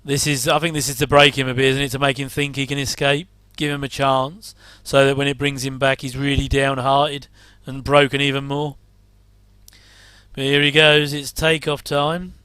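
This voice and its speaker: A man's voice: medium pitch, level tone, moderate pace, bright, forceful tone, clear, resonant tone, no room sound. A middle-aged man giving rambling casual commentary while watching an old TV episode, with wry asides and chuckles.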